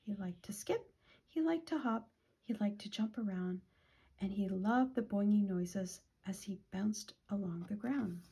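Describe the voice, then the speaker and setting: A woman reading a children's picture book aloud, gentle and often dropping to a whisper, with a husky voice. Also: medium pitch, animated, unhurried. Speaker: children's storytime reader.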